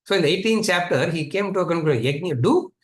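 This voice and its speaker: Tamil-accented male teacher, fairly high voice, repetitive rhetorical style, echoey room. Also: racing, a bit bright. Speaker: Vedanta teacher. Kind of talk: scripture lecture.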